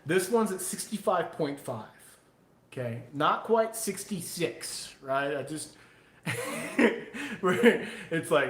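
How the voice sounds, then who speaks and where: A young man holds forth on a live stream, loud, profane and a bit drunk, acting out the people who doubt him. His voice is bright and forceful and sits fairly high. It rings around an echoey room. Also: sing-song, slow pace. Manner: loud, profane and tipsy, quoting imagined critics. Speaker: knifemaker hosting a live stream. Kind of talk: casual live-stream chat.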